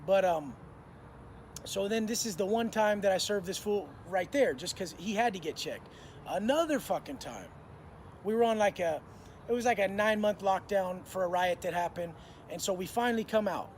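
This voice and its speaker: A man's voice: high voice, moderate pace, a little hiss or hum. A man in his thirties telling prison stories in a blunt, profane, slang-heavy way. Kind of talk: casual storytelling to camera.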